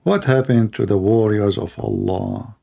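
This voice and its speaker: Gravelly, dark-voiced man hosting a livestream. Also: on the low side. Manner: mocking, laughing at callers; repeats words in quick bursts. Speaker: livestream host taking calls. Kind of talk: casual livestream talk.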